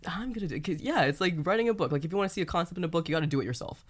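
A woman's voice: on the low side, expressive, racing, slightly rough. A woman guest in a casual interview, chatting in a self-conscious way with lots of filler words. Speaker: guest, audio content creator.

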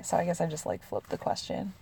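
A woman's voice: fairly low pitch, big pitch swings, quick pace, creaky, warm tone, husky. A woman in her thirties from the United States, telling personal stories casually with frequent laughter and many "like"s. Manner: chatty, laughs often, heavy use of "like". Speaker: storyteller answering questions. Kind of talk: casual confessional storytelling.

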